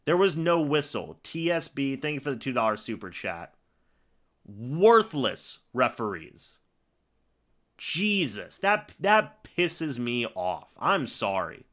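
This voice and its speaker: A man's voice: medium pitch, very animated, a little slow, hardly any pauses, fairly bright tone. A man on a live stream calling each play and ranting in angry exasperation at the referees. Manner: reads plays aloud like commentary. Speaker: sports reaction streamer.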